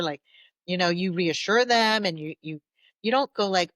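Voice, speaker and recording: A woman therapist speaking as a guest in a podcast interview. She talks in an animated way, acts out the voices of parents, and often checks in with "'kay?". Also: on the low side, normal speed, no room sound.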